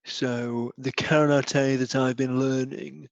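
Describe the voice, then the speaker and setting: A man's voice: medium pitch, level tone, slow, vocal fry, no echo. A man playing a timid radio host in an improvised comedy sketch, hesitant and full of ums. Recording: dull, dry lo-fi audio.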